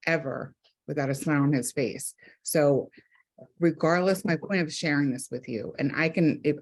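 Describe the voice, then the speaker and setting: A woman's voice: deep voice, a little mellow. A woman counselor talking on a group video call, earnest and emphatic, often repeating phrases for stress. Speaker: counselor and therapist.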